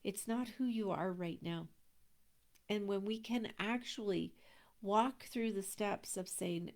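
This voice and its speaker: A middle-aged woman coaching, talking earnestly and reflectively, sometimes dropping into a soft whisper. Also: mid-range voice, slow, long pauses. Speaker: abundance coach. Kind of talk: motivational talk to an online audience.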